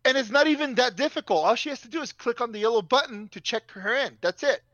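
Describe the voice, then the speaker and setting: A man's voice: very high voice, expressive, quick pace, fairly bright tone, no echo, lo-fi sound. A young man telling a story in a casual, profane, ranting way.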